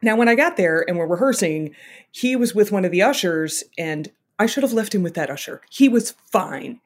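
A woman who sings at church, telling a brisk story about her toddler with exasperated humor. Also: medium pitch, lively intonation, a little mellow. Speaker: church singer and parent.

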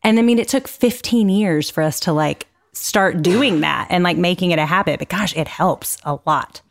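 A woman's voice: lowish voice, normal speed, creaky. A married woman, around her thirties, sharing candidly and chattily about her own marriage on a podcast. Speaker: podcast guest with a relationship question. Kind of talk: casual podcast chat.

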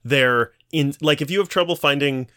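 A man's voice: on the high side, moderate pace, clean tone. A man co-hosting a podcast, chatting casually and acting out the lines he retells. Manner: animated storytelling, acts out quoted lines. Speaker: podcast co-host. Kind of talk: casual chat.

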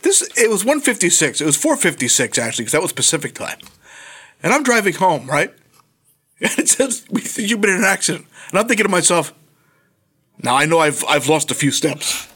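A man's voice: sits high, sing-song, fairly quick, fairly bright tone, breathy edge. A middle-aged man in casual podcast chat, a profane storyteller who laughs a lot. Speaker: podcast host.

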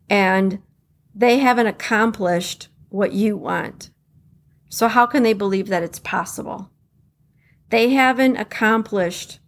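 A woman hosting a motivational podcast on her own, talking in a candid, blunt way, acting out what other people say and laughing often. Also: medium pitch. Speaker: podcast host. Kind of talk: motivational solo podcast talk.

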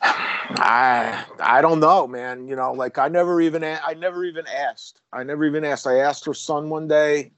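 Middle-aged ex-cop telling stories, rambling and dry. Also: male voice, a little high, moderate pace, a bit bright, no room sound, low-quality recording. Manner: rambling, with restarts and self-corrections. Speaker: guest, former police officer. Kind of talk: casual storytelling conversation.

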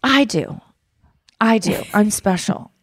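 A woman's voice: medium pitch, slow pace, no room sound. Woman host, casual self-deprecating podcast banter, dry booth sound. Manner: candid, self-deprecating, animated rambling. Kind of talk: casual chat.

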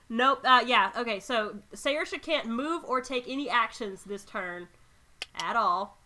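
A woman running a tabletop game as game master, narrating in an animated, rambling way and laughing often. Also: on the high side, slow, slight background noise.

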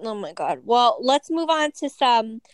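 Woman, 30s, podcast co-host, teasing, blunt, slightly high voice. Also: very animated, a little slow, no echo, rough recording. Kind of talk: casual podcast chat. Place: lying in bed at home.

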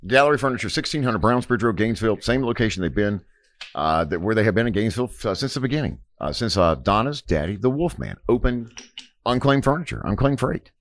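A low-voiced man talks quickly on a radio podcast. His pitch swings widely as he rambles through sponsor reads full of fillers and restarts. The sound is close and dry. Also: lively intonation, dry recording. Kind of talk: casual banter with sponsor reads. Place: radio studio.

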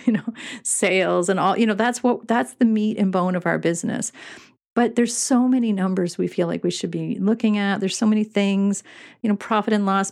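In a casual podcast monologue, a middle-aged woman who coaches retail businesses chats earnestly about running a shop. Her mid-range voice is a little mellow with vocal fry, and she laughs often and uses lots of fillers.

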